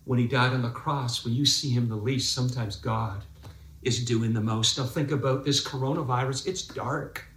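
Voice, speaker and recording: A man's voice: medium pitch, fairly even intonation, normal speed, fairly bright tone, roomy sound, slight background noise. A man preaching a sermon as pastor, emphatic and drawn out, repeating words for stress.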